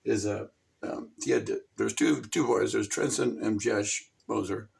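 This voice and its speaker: Gravelly man on a profane, giggly rant. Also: on the low side, steady tone, measured pace, darkish tone. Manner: rambling, profane, laughs often, jumps into silly voices. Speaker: host. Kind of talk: crude comedic rant.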